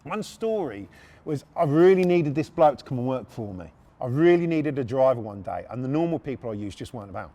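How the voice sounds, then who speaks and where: Animated sweary storyteller man. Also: medium pitch, brisk. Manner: animated, sweary, self-mocking. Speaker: podcast host. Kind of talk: storytelling monologue.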